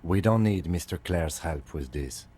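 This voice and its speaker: An actor playing a calm, businesslike male police officer in a video game, speaking in a measured, curt way. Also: sits low, a little hiss or hum.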